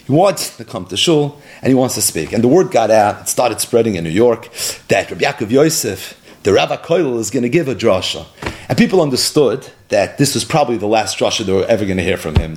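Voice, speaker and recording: A man giving a storytelling sermon, a dramatic teller who drops low and slow for emphasis and mixes Hebrew and Yiddish terms into his English. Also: a little mellow.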